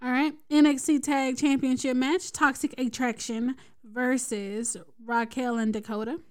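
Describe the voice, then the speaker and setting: A woman's voice: high voice, little pitch movement, unhurried, darkish tone, clear, resonant tone. A woman co-hosting a podcast in casual chat, reading out the match card and teasing her co-host.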